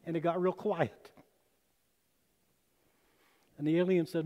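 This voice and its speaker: A man preaching a sermon as pastor, telling stories and acting out voices, swinging between loud bursts and hushed lines. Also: fairly high pitch, little pitch movement, slow, pauses often, dull audio. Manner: storytelling, acts out quoted voices with sudden loud and soft turns. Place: church sanctuary. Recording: long hall reverb.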